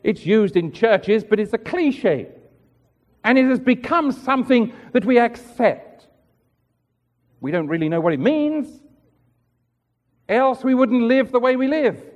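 A man's voice: very high-pitched, lively intonation, a little slow, pauses often, highs cut off. A man preaching a sermon in an earnest, rhetorical way, acting out the voices he quotes. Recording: hall reverb.

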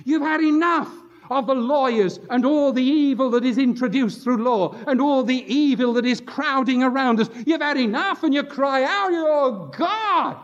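A man's voice: extremely high pitch, normal speed. A male pastor preaching an impassioned sermon, drawing out words for emphasis. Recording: dull lo-fi sermon tape.

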